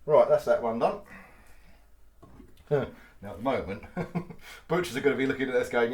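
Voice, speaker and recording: A man chatting and swearing casually as he cuts meat in his home kitchen. He laughs often and gets loud and then quiet. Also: medium pitch, lively intonation, unhurried, long pauses. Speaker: vlogger. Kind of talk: casual cooking vlog. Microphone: mic on the kitchen table.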